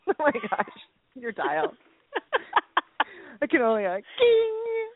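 An excitable woman radio host whose voice swings up and down a great deal, heard over a thin, phone-like line with a dry, close sound. She laughs easily and keeps breaking into exclamations. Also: a little high, slow, dry recording. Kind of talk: casual chat on a Christian radio show.

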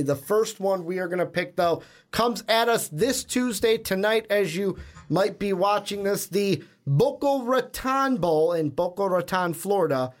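Young male podcast co-host, higher voice, chatty and rambling, casual sports talk. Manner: rambling, chatty, self-correcting.

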